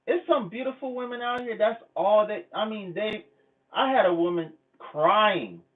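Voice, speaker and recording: A man's voice: high voice, measured pace. A man hosting his own channel, talking in a blunt, profane, repetitive vlog rant. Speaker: channel host. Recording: phone-like lo-fi sound.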